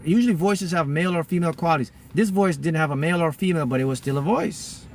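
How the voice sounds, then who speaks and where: A man's voice: on the high side, fast, slight background noise. A man talking casually to his viewers as a spiritual mentor, rambling and often breaking off to restart his sentences.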